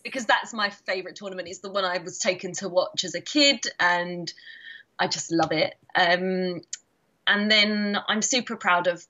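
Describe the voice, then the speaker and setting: A British woman in her thirties tells her stories with animation, laughing often and acting out what people said. Her voice is bright and forward, though the audio comes through dull and lo-fi, like a video call. It sounds like a relaxed interview. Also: on the low side, moderate pace, a little hiss or hum. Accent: British English. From Britain. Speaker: guest, karate champion. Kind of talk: casual interview chat.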